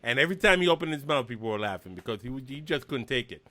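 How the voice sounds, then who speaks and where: A man's voice: animated, fast, pushed and bright, dry recording. A man hosting a casual movie discussion over a video call, enthusiastic, laughing and mimicking characters. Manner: enthusiastic, laughs often, mimics characters with big jumps in pitch. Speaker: podcast host.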